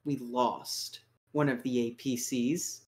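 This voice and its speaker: A man's voice: mid-range voice, little pitch movement, slow, lightly acted. Man voicing a sneering villainous crime boss. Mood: sarcastic. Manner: sneering sarcasm turning to quiet threats. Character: menacing male crime boss, cold and sarcastic.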